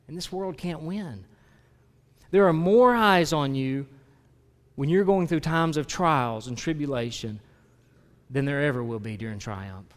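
A man preaching from the pulpit with an earnest, heartfelt delivery that drops low and confessional, then rises into loud emphasis. His voice sits a little higher than most men's. It rings with the long reverb of a church sanctuary. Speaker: pastor. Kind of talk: sermon.

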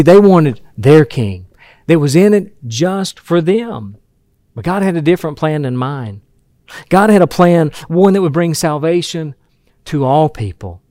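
Man preaching a sermon: earnest and emphatic, somewhat high voice, dry recording. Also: warm tone, no echo. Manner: earnest, emphatic, with frequent restarts and repeated words.

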